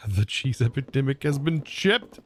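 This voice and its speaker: A man streams a modded building game, rambling chattily to his viewers about words between game tasks. His medium-pitched voice is very animated and a little slow, with slight background noise.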